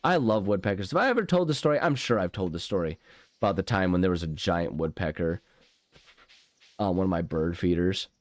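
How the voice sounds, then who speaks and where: A man's voice: sits low, animated, brisk, no room sound. A man hosting a casual gaming video, rambling and goofy as he plays and interrupts himself often. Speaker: gaming channel host. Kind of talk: casual let's play commentary. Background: game music.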